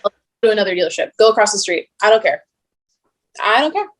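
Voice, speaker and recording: A young woman talks bluntly and casually as a podcast guest. She tells stories in an animated way, with "like" in almost every line. Her voice sits at a middling pitch for a woman. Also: fast talker. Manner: blunt, animated storytelling with lots of "like". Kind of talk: casual chat.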